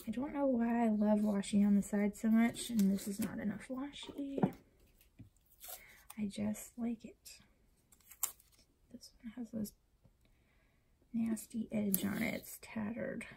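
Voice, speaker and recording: A young woman chats in a loose, rambling way while she works on her planner, worn out and uncomfortable, her voice often sinking to a near whisper. Her tone has a gravelly edge, and a faint hiss sits under the recording. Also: a little high, slow, long pauses, dark tone. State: tired and uncomfortable. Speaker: planner channel vlogger. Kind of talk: casual chat while decorating a planner.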